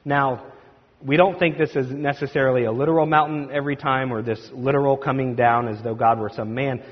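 A man's voice: mid-range voice, husky. A man preaching a sermon, retelling a scripture story and quoting the figures with rising energy. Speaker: pastor. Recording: echoey hall, dull lo-fi sound.

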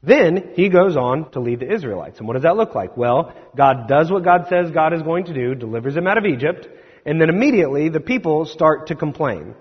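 Expressive and a little fast, this pastor's slightly high voice carries a breathy edge. He preaches by retelling scripture conversationally and asking the congregation rhetorical questions, recorded in an echoey hall that sounds slightly dull.

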